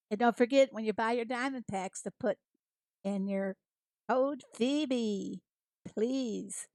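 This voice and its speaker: A woman's voice: fairly high pitch, slow, long pauses, darkish tone, dry recording. An American woman chatting casually with viewers as she streams a farming game, greeting them by name and laughing often. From United States. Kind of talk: casual livestream chat.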